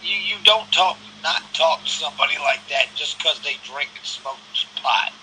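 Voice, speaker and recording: A man joins a casual call, mostly cutting in with quick reactions and questions. His voice sits fairly high and sounds very bright. There is a faint hiss on the line. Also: rough recording. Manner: chiming in with short reactions and questions. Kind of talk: casual phone chat.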